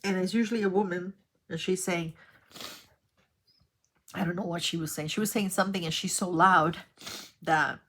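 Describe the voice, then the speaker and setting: Chatty woman with a lowish voice. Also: moderate pace, pauses often, a little hiss or hum. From New York. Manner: chatty, rambling, animated when retelling. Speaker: crafting vlogger. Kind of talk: casual storytelling while crafting.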